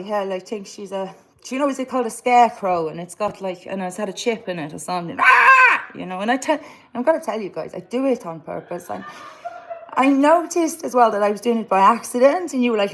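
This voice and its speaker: A woman's voice: on the high side, rough recording. Woman ranting all over the place, swears a lot, keeps jumping into silly voices. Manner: chaotic, sweary, lurching between voices. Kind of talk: rambling comic monologue.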